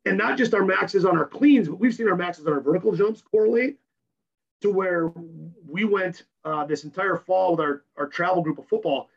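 A strength coach, a man, explaining his training program in rapid, technical detail in a podcast interview while hoarse from losing his voice. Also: high-pitched, highs cut off. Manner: rapid and technical, keeps tagging "right?".

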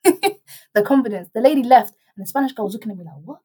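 Give me a fast, animated young woman telling a rambling story as a podcast guest. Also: a little high, breathy edge. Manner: animated, rambling with restarts and quoted dialogue. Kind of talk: casual storytelling chat.

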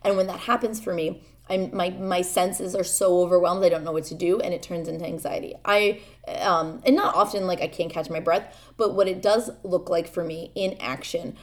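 A young woman hosting a podcast, talking candidly and haltingly about her own struggles, earnest and vulnerable, with many fillers and restarts. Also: on the low side, fairly even intonation. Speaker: podcast host. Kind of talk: personal confessional talk.

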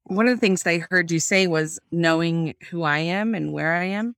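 A woman's voice: fairly low pitch, moderate pace, a bit bright, clean tone, no room sound, studio quality. A woman speaking earnestly as a guest about faith and parenting over a video call, reflecting aloud and searching for words. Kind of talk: faith-based parenting talk.

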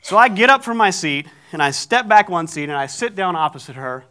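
Animated storytelling preacher, a man. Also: high-pitched, fairly quick, clear, resonant tone. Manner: animated, acts out the people in his story. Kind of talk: storytelling sermon.

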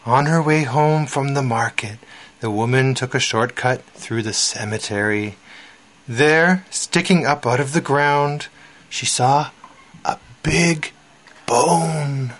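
A man reading a spooky children's story aloud on the radio, slow and expressive with dramatic pauses. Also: medium pitch.

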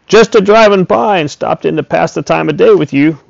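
A man's voice: medium pitch, animated, a little slow, creaky, no echo, pitched above the performer's own voice. A man voicing a talkative old male farmer and horse trader who coaxes in a folksy rural drawl. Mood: hollering sociably. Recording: dull, dry recording.

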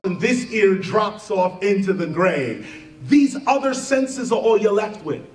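Podcast host: high, lively man, slow and earnest, leading a spiritual exercise; roomy echo, distant mic, faint music. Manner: animated, earnest, laughs at his own asides. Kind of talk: spiritual talk with guided exercise.

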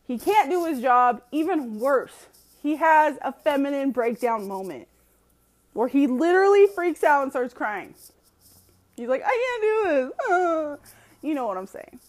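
A woman giving a casual opinion monologue, emphatic and profane, laughing often as she talks. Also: high-pitched. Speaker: commentator.

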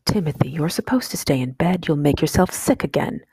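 A protective mother speaking gently to her children, as a woman reads her in a storybook. The voice is husky and low. It sounds dry and close. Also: lively intonation, a little fast, no room sound. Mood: caring.

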